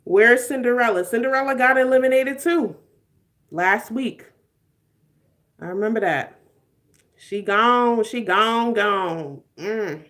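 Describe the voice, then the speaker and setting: A young woman with a slightly high voice hosts a relaxed live stream and chats with her viewers. She talks in a loose, playful way, laughs often, and tosses in slangy asides. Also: slow, long pauses. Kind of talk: casual live-stream chat answering viewer comments.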